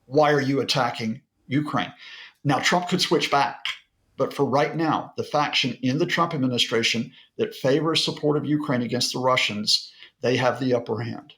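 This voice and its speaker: A man's voice: mid-range voice, moderate pace, fairly bright tone. A male professor being interviewed as a guest analyst, explaining at length in a lecture-like way with occasional fillers. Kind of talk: broadcast interview.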